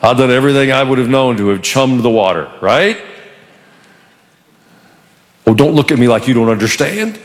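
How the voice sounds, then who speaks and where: A male pastor preaching a sermon in a church, animated and conversational with touches of humor. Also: medium pitch, fast, long reverb tail.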